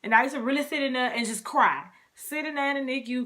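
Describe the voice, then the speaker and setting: A young woman vlogger telling her story in a casual, animated way, talking straight to her viewers. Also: high-pitched, quick pace.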